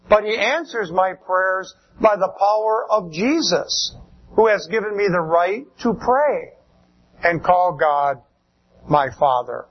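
A male pastor preaching a sermon in a slow, measured way, drawing out words for emphasis. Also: high voice, husky, lo-fi sound.

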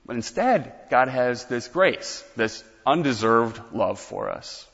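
A man's voice: mid-range voice, big pitch swings, takes it slowly, vocal fry, fairly bright tone, husky, big-room sound, highs cut off. A man preaching a sermon as pastor, explaining scripture in a conversational teaching manner with casual asides.

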